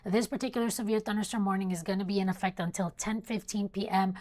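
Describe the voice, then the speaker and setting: A woman's voice: mid-range voice, fairly even intonation, fast talker, darkish tone. A young woman hosting a casual live weather stream, reading out storm warnings and chatting with viewers while sleepy and yawning. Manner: chatty, reads warnings then jokes with chat. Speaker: weather livestream host.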